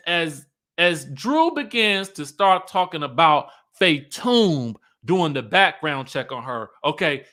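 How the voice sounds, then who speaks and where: A man hosting a casual reality TV recap. His delivery is animated and chatty, and he acts out quotes as he talks. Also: high-pitched. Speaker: YouTube host.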